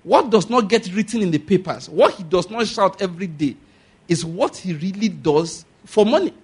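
A man's voice: high-pitched, animated, moderate pace, slightly rough. A man preaching a sermon as a pastor, emphatic and often asking the congregation for an amen. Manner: emphatic, asks the congregation for amens.

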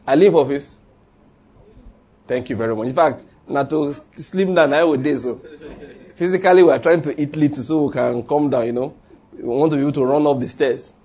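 Man, pastor, chatty sermon with congregation responses, slightly raised pitch, breathy edge. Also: brisk, darkish tone. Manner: conversational preaching with call-and-response.

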